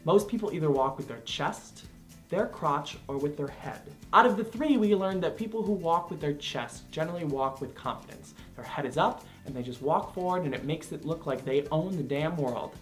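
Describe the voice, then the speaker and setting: A young man telling a personal story to camera, animated and expressive, acting out quotes with laughter along the way. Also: a little high, normal speed, soft background music. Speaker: vlogger.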